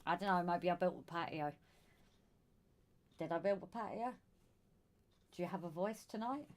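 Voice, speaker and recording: A woman with a Southern English accent hosts a relaxed live stream, working through viewer comments and greeting regulars warmly by name. Her voice sits on the lower side and is wearing thin. She calls people darling and sweetheart. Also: normal speed. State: losing her voice. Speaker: live stream co-host reading chat. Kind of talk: casual live stream chat.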